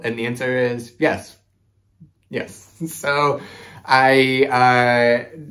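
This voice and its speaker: A young man hosting a knitting video, chatting casually to camera with lots of "like" and "um". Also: fairly low pitch. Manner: chatty, rambling, frequent "like" and "um". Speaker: knitting podcast host.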